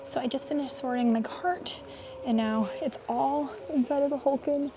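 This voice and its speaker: A woman's voice: high voice, steady tone, moderate pace, noisy background. Chatty upbeat woman vlogger. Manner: chatty and upbeat, explaining finds. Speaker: thrift reseller vlogger. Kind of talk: casual vlog chat.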